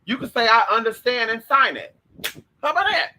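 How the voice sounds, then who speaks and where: High, bright-voiced sassy man ranting. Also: fairly quick, slight background noise, rough recording. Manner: sassy, profane, animated, with sudden shouted bursts. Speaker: host. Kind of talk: casual spiritual advice monologue.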